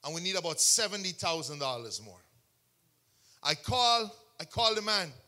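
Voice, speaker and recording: A man preaching a sermon testimony, telling the story with animation, bursting into shouts and acting out what others said. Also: high voice, very animated, moderate pace. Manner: acts out other people's words in quotes.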